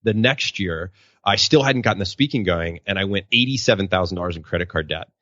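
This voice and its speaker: A man's voice: sits low, a little fast, dry recording, muffled recording. A man telling personal stories as a podcast guest, acting out quotes in a raised voice. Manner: animated, acts out quotes in a raised voice. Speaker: podcast guest, professional speaker. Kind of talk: storytelling interview answer.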